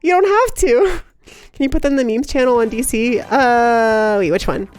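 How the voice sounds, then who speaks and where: A young woman livestreamer in casual chat, giggly and excitable, rambling chaotically to her viewers. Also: a little high, moderate pace. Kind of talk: casual live-stream chat.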